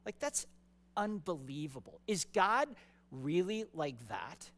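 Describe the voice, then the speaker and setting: A man's voice: sits high, measured pace, a bit bright. A man preaching a sermon as pastor, conversational and emphatic, often repeating words for stress.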